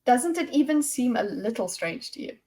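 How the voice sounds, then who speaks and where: A woman's voice: a little high, lively intonation, moderate pace, a little mellow. A woman reading as a probing young heroine. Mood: insistent. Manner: probing, insistent.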